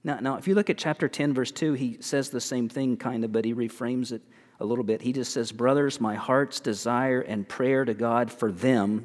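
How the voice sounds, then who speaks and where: A man preaching a sermon as pastor, earnest and halting, repeating words as he goes. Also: mid-range voice, fairly even intonation, long reverb tail. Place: church.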